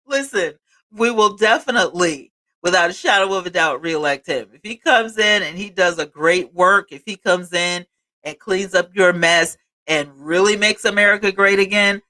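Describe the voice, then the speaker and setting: Emphatic woman ranting on a live stream. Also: on the low side. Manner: emphatic, animated, repeats lines for effect. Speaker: host. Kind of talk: live-stream political commentary.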